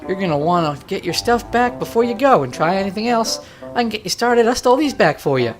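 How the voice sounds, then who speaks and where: A woman's voice: mid-range voice, expressive, quick pace, soft background music, natural voice. A woman voicing a cocky, streetwise male mole creature with a New York accent, chummy and brash. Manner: brash, chummy, calls listener pal.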